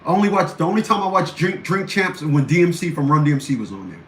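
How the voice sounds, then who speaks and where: A very animated man with a slightly high voice talks fast as he hosts a show full of ranting commentary. Blunt and combative, he repeats phrases for emphasis, while a roomy echo and faint background noise sit behind him.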